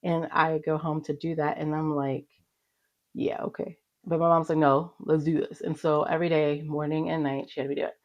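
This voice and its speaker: A woman's voice: low-pitched, fairly quick, hardly any pauses, muffled recording. A middle-aged woman hosting a podcast, giving casual motivational talk and telling stories in a chatty way full of fillers. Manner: chatty, animated storytelling with frequent fillers. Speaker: podcast host.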